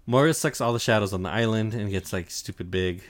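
A man's voice: fairly low pitch, a little fast. A young man co-hosting a podcast, casually retelling an anime arc with lots of fillers, swearing and quoted lines. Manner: rambling, profane, filler-heavy retelling with quoted voices. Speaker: podcast co-host recapping anime. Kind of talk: casual chat.

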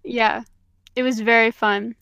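A woman's voice: on the high side, level tone, vocal fry, a bit bright, highs cut off. Giggly young woman podcast co-host. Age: young adult. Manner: giggly, quick and rambling, frequent "um". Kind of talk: casual chat.

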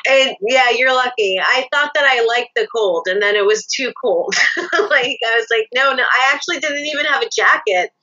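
Bright-voiced woman on a call. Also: fairly high pitch, moderate pace, lo-fi sound. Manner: laughs easily, short replies. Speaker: guest, host's sister. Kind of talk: casual chat. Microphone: video call.

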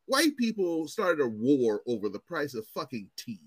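A man in his forties tells stories in a loose, swearing ranting style, his voice leaping up and down as he acts out what others said. He sits slightly high for a man. The sound is dry and close, with no room to it. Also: a little fast, few pauses, no echo. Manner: animated, profane, acts out quotes in raised voices. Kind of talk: casual chat, storytelling.

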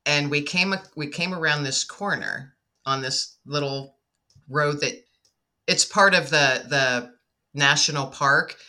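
Bright-voiced woman telling a story. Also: low voice, slow pace. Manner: lively storyteller who acts out dialogue. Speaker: guest. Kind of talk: casual conversation.

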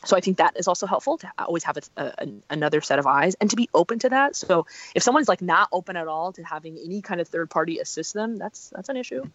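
Relationship coach on a podcast, earnest and emphatic, mid pitch, dry dull lo-fi sound. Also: lively intonation, quick pace, hardly any pauses, fairly bright tone, dry recording. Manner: earnest, emphatic, many fillers and restarts. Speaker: relationship consultant. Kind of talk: podcast guest advice.

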